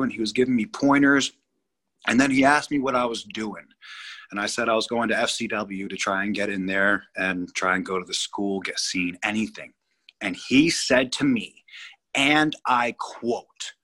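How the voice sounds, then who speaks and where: A man in his thirties from California, telling a personal story as a guest in a casual interview, animated, blunt and profane, often repeating himself. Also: lowish voice, normal speed. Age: 30s.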